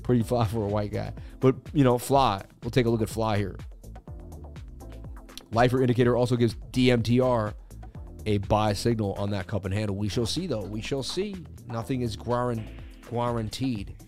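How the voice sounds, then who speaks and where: Over faint background music, a man hosting a live crypto chart analysis stream speaks at normal speed in a mid-range, darkish voice. He keeps the market talk casual and slangy, chatting and joking with viewers as he goes.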